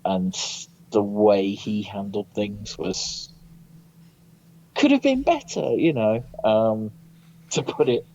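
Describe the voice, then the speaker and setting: A man's voice: lowish voice, animated, darkish tone. Hesitant male caller on a dull line. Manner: hesitant, halting, many restarts. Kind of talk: casual phone-in chat.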